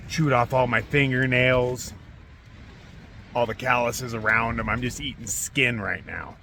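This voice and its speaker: A man's voice: mid-range voice, steady tone, measured pace, creaky, bright, forceful tone, slight background noise. A man filming a vlog from inside a small tent during a windstorm. He sounds cold, hungry and worn down, talking close to a handheld camera and swearing a lot. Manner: weary, frustrated, swears often. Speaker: long-distance hiker. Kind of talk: vlog filmed while camping.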